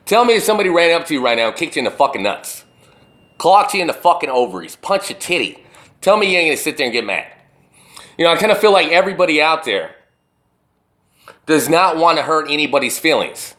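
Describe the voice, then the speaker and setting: A man ranting alone in a profane, animated way, firing off rhetorical questions as a show host. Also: on the high side. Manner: burping. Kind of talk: profane solo rant.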